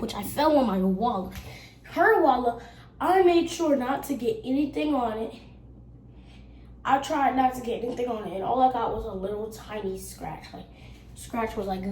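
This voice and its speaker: A woman's voice: on the high side, normal speed, a little mellow, a little hiss or hum. A young girl vlogging at home, telling a casual storytime and acting out the people she quotes. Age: child. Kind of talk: storytime while getting ready.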